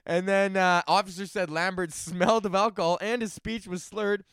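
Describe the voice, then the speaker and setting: A man's voice: high-pitched, steady tone, normal speed, fairly bright tone, clean tone, dry recording. A man hosting his own comedy podcast, ranting alone in a loose, profane way and often laughing at his own jokes. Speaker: podcast host. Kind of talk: solo comedic rant.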